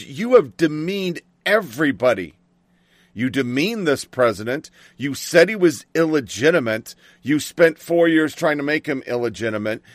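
A middle-aged man hosts a talk show in a fairly high voice, recorded with no room sound. His opinionated talk radio monologue is an angry, blunt rant packed with swearing.

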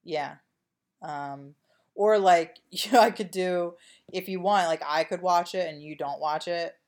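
A woman's voice: fairly low pitch, measured pace, a little mellow. A woman co-hosting a podcast in casual chat, rambling and wry with lots of fillers. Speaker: podcast co-host.

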